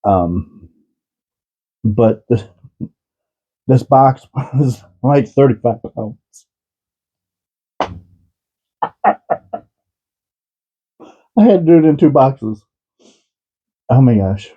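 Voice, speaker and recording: A man's voice: mid-range voice, expressive, drawn-out words, long pauses, warm tone, breathy edge, highs cut off. A man talking casually about yarn and shipping on his vlog, giggly and often breaking into laughter. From United States. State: laughing to tears. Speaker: yarn vlogger. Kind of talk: casual chat.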